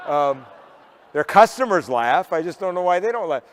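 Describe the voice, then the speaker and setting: A man's voice: high-pitched, moderate pace, slight background noise. Storytelling male keynote speaker, hall reverb. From northern United States. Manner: lively storyteller, punchy rhetorical questions to the audience. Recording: long reverb of a large hall.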